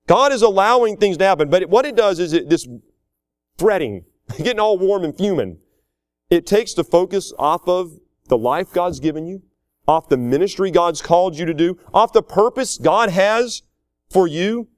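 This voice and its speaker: A man preaching a sermon in a folksy, animated way, with laughing asides. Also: high-pitched, moderate pace, no echo, studio quality. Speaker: pastor.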